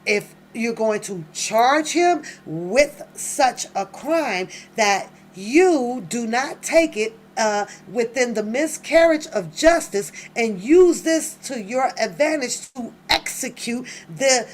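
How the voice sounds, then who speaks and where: Laughing, animated woman reacting to a legal filing. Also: a little high, takes it slowly, hardly any pauses. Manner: animated, laughs often, exclaims to her audience. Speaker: reaction channel host. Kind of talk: casual reading and reaction commentary.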